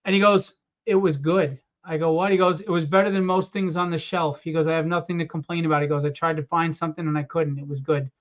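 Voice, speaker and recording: A man casually telling animated stories about his comic book writing, acting out what others said. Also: a little high, fast, few pauses. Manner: animated storyteller acting out quotes. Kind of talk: casual storytelling. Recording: dull lo-fi sound.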